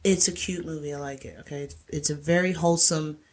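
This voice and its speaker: A woman's voice: sits low, fairly even intonation, fast talker. A woman, casually chatting as a podcast co-host and recapping a movie with lots of fillers and playful asides. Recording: podcast voice recording.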